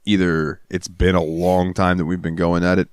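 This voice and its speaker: A man's voice: low-pitched, level tone, moderate pace, smooth, no echo, clean studio sound. A man co-hosting a podcast in casual crude chat, joking and laughing often. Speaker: podcast co-host.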